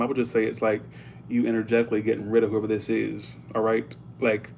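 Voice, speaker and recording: A man speaking at an everyday middle pitch, reading tarot on a casual livestream. He talks in a loose, chatty way and says things bluntly, and a faint hum sits under his voice. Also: warm tone. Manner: chatty and blunt, thanking viewers for tips. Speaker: tarot reader.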